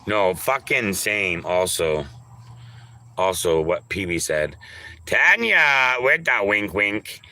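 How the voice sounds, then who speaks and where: A man streams casually and reads his chat, teasing viewers in a crude, offhand way and calling out names in long, pleading drawls. His voice sits fairly low, with big swings in pitch and a sharp tone.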